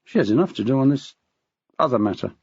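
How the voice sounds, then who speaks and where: A man voicing a dry, measured male police detective. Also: medium pitch, expressive, a little mellow, breathy edge, no echo. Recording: dull, dry.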